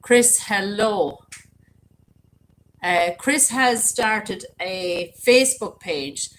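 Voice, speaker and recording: A woman's voice: medium pitch, very slow, fairly bright tone, slight background noise, poor audio. A woman hosting a casual livestream, chatting and greeting her viewers by name. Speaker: livestream host.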